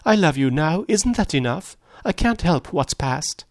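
Man voicing a distraught young woman, pleading, tearful, high, dry sound. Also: animated, measured pace, a little mellow, no room sound. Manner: high, pleading, breaking into sobs.

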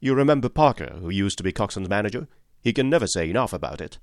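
A man voicing a brisk, sharp-spoken middle-aged financial agent who flatters and talks up a job offer in an audiobook. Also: fairly low pitch, dry recording, studio quality. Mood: flattering. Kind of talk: audiobook character voice.

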